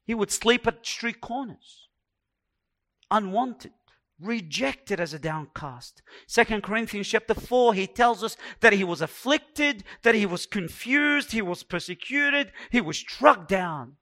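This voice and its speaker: High-voiced preacher, slow and dramatic. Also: male voice, animated. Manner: dramatic preaching, swinging from hushed to loud; acts out quoted complaints in a raised voice. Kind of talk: sermon.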